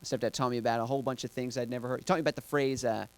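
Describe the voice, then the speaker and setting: A man doing a stand-up comedy set on a club stage, deadpan setups building to shouted punchlines. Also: mid-range voice, racing, clean tone, no room sound.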